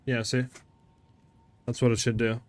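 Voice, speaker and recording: A man's voice: mid-range voice, little pitch movement, unhurried. A man streaming a game, chatting loosely with his viewers and filling his talk with "like" and "you know". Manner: rambling, heavy on fillers like "like" and "you know"; talks to chat by name, easily restless. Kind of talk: casual live-stream chat while gaming.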